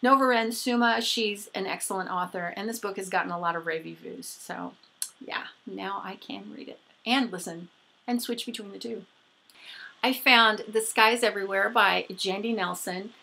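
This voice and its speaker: A woman's voice: mid-range voice, normal speed, gravelly, sharp tone. A woman chatting casually and gushingly as a book vlogger showing off her new books. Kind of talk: casual book haul chat.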